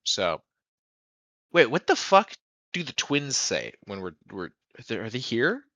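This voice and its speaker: A man's voice: mid-range voice, very animated, a little slow, bright, forceful tone, dry recording. A man chatting casually as a player in a tabletop game, joking, laughing often and swearing freely.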